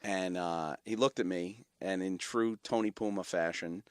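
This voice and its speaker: Guest spot: middle-aged New York man, low voice, dry close sound, animated storyteller. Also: normal speed, clean tone, dry recording. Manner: animated, repeats words, many fillers. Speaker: guest, company founder and CEO. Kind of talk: emotional storytelling in conversation.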